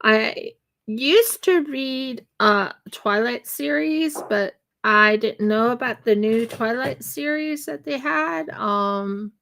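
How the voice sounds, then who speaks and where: Slow, gravelly-voiced woman chatting. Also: fairly high pitch, a bit bright. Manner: chatty and rambling, with laughs and fillers. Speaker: craft live streamer. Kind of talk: casual chat while crafting on a live stream.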